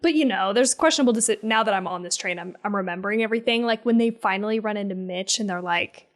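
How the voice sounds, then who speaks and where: A woman co-hosting a horror movie podcast in casual chat, animated and swearing as she acts out lines. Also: medium pitch, fast. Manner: animated, swears, quotes in voices. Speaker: podcast co-host.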